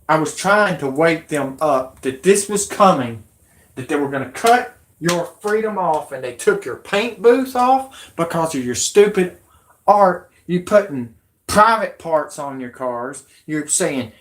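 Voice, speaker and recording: A man in his thirties hosting a live stream, rambling and growing agitated, with shouty outbursts. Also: fairly high pitch.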